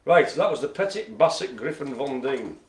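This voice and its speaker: A man hosting a bingo session, joking and chatting between calls with quick asides. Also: mid-range voice, animated. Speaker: bingo host. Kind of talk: lively bingo calling with banter.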